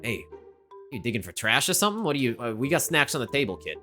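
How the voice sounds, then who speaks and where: A woman's voice: a bass voice, sing-song, fast talker, bright, forceful tone, faint music behind, heavily acted. A woman voicing a slouching, apathetic stoner man of thirty with an offhand drawl. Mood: lazy.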